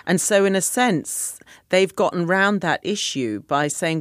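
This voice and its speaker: A woman's voice: fairly low pitch, lively intonation, a little slow, no room sound, studio quality. An actress being interviewed, chatty and given to laughing as she talks. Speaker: actress guest. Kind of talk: interview answers.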